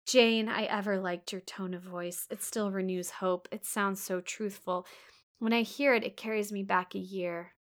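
A woman reading the part of a blind, brooding older gentleman, melancholy and self-pitying, in a storybook reading. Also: mid-range voice, steady tone, normal speed, lightly acted. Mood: mournful.

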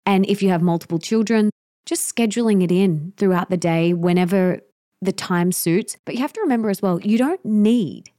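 A woman's voice: medium pitch, moderate pace, mellow, dry recording, studio quality. A young woman hosting a solo podcast, giving parenting tips in an earnest, emphatic way that repeats key points. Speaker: podcast host.

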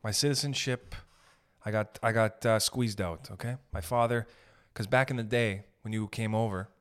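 A man from Canada hosting a podcast, delivering a heated, profane rant and slipping in quick acted quotes of other people. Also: on the low side, a bit bright, smooth. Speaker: podcast host. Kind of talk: ranting podcast monologue.

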